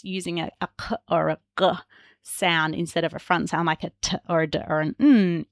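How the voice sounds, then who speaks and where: Podcast host, woman, lowish gravelly voice, patient explainer, dry close sound. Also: dry recording. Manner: explanatory, models speech sounds slowly.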